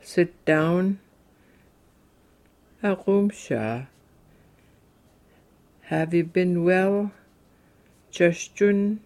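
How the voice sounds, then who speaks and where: A man teaching everyday phrases at a very slow, careful pace, saying each one in English and then in his native language. His voice is dark and gravelly, and he breaks the phrases into small pieces. It sounds like a patient lesson. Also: sits high. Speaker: language speaker reading phrases.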